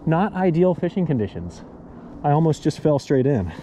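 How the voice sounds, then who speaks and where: A man hosting a fishing vlog, talking in an enthusiastic, excitable way outdoors by a snowy stream. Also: a little high, normal speed, slight background noise. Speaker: fishing channel host.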